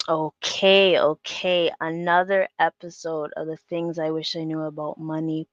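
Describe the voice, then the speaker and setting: A woman's voice: low voice, flat delivery, unhurried, hardly any pauses, no room sound, lo-fi sound. A woman hosting her own podcast, chatting casually and rambling with many fillers and restarts. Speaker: podcast host. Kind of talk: casual solo podcast chat.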